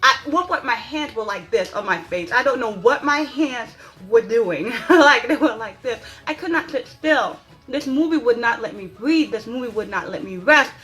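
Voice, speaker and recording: Brief: expressive woman film reviewer, bright voice, lively pitch swings, faint music under. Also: normal speed, few pauses. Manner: dramatic, emphatic, repeats "okay?" for emphasis. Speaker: movie reviewer. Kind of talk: animated spoken movie review.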